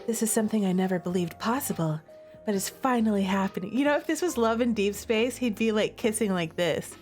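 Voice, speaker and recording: A woman's voice: medium pitch, brisk, darkish tone, soft background music. A woman streamer reading a romance game's text aloud and reacting with dramatic, playful overreactions. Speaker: gaming streamer.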